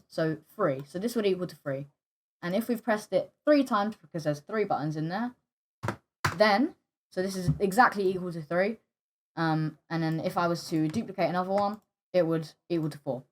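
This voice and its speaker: A young woman hosting a coding tutorial, hesitant and stumbling, often pausing with fillers and apologizing. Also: fairly low pitch. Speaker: tutorial host. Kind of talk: screen-recorded coding tutorial.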